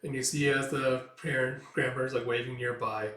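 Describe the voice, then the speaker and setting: A man's voice: mid-range voice, steady tone, normal speed, a bit bright. Chatty man, roomy and distant. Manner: chatty, leans on "it's like" to introduce quoted lines. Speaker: manga reviewer. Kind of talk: casual retelling of a comic, reading dialogue aloud. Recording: roomy echo, voice heard from a distance.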